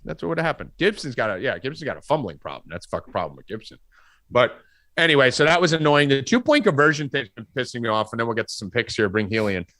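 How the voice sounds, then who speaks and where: A man's voice: medium pitch, quick pace, dry recording, clean studio sound. A man hosting a sports betting podcast, ranting and swearing about football decisions. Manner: profane, ranting, animated. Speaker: podcast host.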